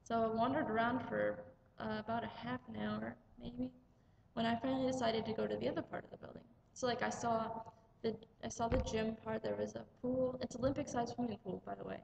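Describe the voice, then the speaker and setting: A woman's voice: on the high side, fairly even intonation, moderate pace, creaky, a little mellow, slight background noise, poor audio. A young American woman telling a rambling vlog story about her day, casual and chatty with lots of "like". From United States. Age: young adult. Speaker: vlogger.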